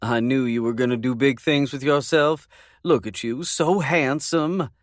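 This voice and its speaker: A man reading a romance audiobook, voicing a kind older mother in a slightly raised, soft voice. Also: medium pitch, a little slow, dry recording, studio quality, lightly acted. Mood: delighted.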